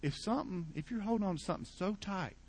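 A man's voice: high-pitched, expressive, fast talker, a little mellow, husky. A male pastor preaching a sermon in a church in a conversational, joking way.

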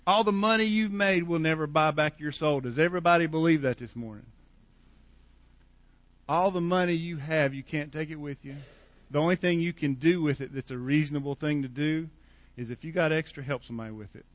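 A man's voice: fairly high pitch, a little fast. A male pastor preaching a sermon in a church in a conversational, joking way.

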